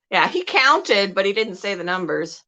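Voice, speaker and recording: A woman's voice: medium pitch, pushed and bright, dull audio. A woman hosting a pet channel, chatting to her birds in a coaxing, sing-song way and laughing often. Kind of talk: casual talk to pet birds.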